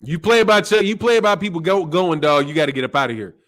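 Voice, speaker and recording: Man, high voice, animated boxing commentary, swears, acts out quotes. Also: fast, poor audio. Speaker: boxing channel host. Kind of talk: casual opinion commentary.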